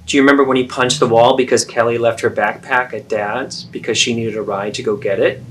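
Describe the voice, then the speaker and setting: A man's voice: mid-range voice, fairly even intonation, a little fast, a bit bright, a little hiss or hum, natural voice. A man playing an adult daughter who earnestly and persistently confronts her mother in a therapeutic role-play.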